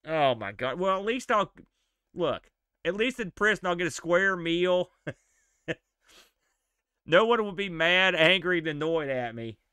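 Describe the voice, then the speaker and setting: A man giving casual, animated live-stream commentary while playing a retro game, exclaiming and joking at it. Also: sits high, a little slow, long pauses, clean tone, no echo, clean studio sound.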